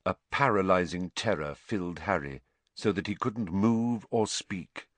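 A man narrating a story in a measured, dramatic way. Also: sits low, no echo. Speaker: audiobook narrator.

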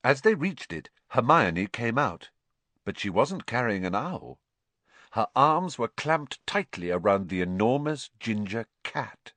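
Expressive male audiobook narrator. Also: mid-range voice, unhurried, no echo. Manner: expressive, storytelling delivery. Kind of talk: scripted narration.

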